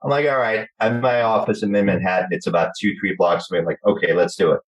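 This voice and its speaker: A middle-aged man tells his stories with a lot of life. He acts out the other people in each story himself. His voice sits on the low side. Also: fast, rough recording. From New Jersey. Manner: animated anecdotes, acting out other voices. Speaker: guest actor. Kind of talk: storytelling interview.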